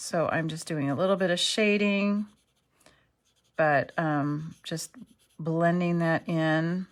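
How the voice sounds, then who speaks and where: A middle-aged woman teaching a card-making craft tutorial, chatty and self-deprecating, often checking in with "okay". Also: deep voice. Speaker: craft instructor.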